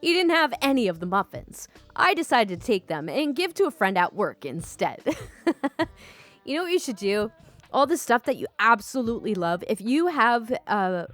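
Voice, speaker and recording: A young woman hosting a storytime channel, reading online stories aloud and commenting in a giggly, animated, casually sweary way. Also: mid-range voice. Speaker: storytime YouTube host. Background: faint background music.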